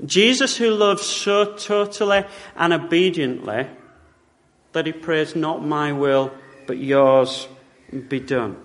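A man's voice: fairly high pitch, takes it slowly. A man from Britain preaching a sermon in a church, wry and conversational, with frequent tag questions. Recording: long reverb of a church hall.

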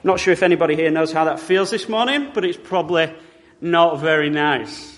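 A man's voice: fairly high pitch, brisk, a bit bright. A man from Britain preaching a sermon in a church, wry and conversational, with frequent tag questions. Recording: long reverb of a church hall.

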